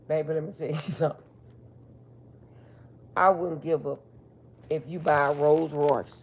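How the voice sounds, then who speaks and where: A woman's voice: deep voice, fairly even intonation, measured pace, long pauses, a little hiss or hum. A middle-aged woman, a spiritual reader, telling a personal story in a blunt, emphatic, profane way. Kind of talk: casual storytelling monologue.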